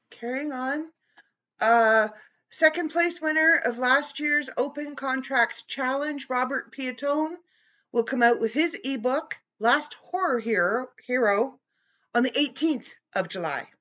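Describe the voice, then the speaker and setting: A woman hosting her own podcast in casual chat, animated and playfully bickering with someone off-mic. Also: high voice, slow pace, highs cut off. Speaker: podcast host.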